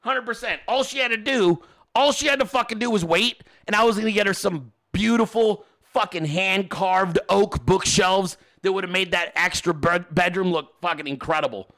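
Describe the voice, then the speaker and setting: A man with a high, bright, forceful voice tells a story as a podcast host. He is animated and exasperated, and he curses heavily as he rants. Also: moderate pace. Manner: animated, exasperated, heavy cursing. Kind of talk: profane storytelling rant.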